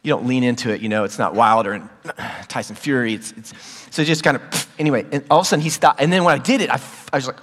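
A middle-aged male pastor giving a sermon, telling a childhood story, an animated storyteller who jumps to loud high squeals when acting out scenes. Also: fast talker, hardly any pauses. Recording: long hall reverb.

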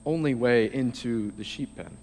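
A man's voice: medium pitch, a little mellow, slight background noise. Young man preaching in a reverberant hall. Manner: reads scripture slowly, then explains in a halting casual way. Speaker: youth speaker. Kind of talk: sermon. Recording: long reverb of a large hall.

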